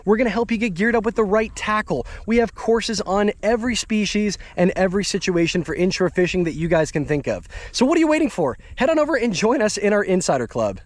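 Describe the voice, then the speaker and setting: A man's voice: sits high, animated, quick pace, few pauses, dry recording. A man filming himself fishing from a boat outdoors, exclaiming and laughing breathlessly as he lands a big fish. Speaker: fishing guide host. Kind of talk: excited outdoor fishing vlog. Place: small boat on a lagoon, outdoors.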